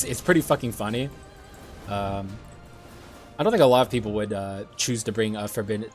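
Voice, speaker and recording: Excitable young man with a dry throat. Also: medium pitch. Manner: excitable, swears often, clears his throat. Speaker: gaming YouTuber. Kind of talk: casual gameplay commentary.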